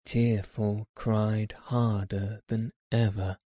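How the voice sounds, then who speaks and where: A man reads a children's story aloud in a low, mellow voice, gently and very slowly. The recording is dry and close, with no room sound. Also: little pitch movement, dry recording.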